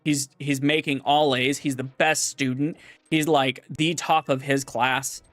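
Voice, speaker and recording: A man's voice: medium pitch, little pitch movement, fairly bright tone, dry recording. A man telling a long rambling joke in casual, restart-filled chat while gaming. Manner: casual, repetitive restarts, drawn-out storytelling. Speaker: gaming vlogger.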